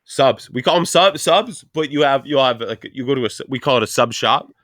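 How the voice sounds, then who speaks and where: A man's voice: mid-range voice, animated, fairly quick, fairly bright tone, dry recording, clean studio sound. A Canadian man hosting a casual chat, joking and swearing freely. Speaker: podcast host.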